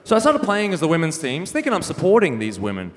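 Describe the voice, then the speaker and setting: A young man with a fairly high, very animated voice works the crowd at a comedy club, throwing punchy, self-mocking jokes through a handheld mic. The hall rings with a long reverb and a faint hiss sits underneath. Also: fast. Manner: punchy, wry, self-mocking delivery with frequent laughs. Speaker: stand-up comedian. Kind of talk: stand-up comedy set. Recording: live venue reverb with faint noise.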